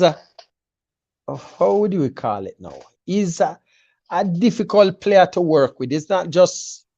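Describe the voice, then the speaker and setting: Animated jamaican man talking football. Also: high-pitched, no echo, lo-fi sound. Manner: animated, confident, mixes patois with English. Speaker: football pundit. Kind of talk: casual sports chat.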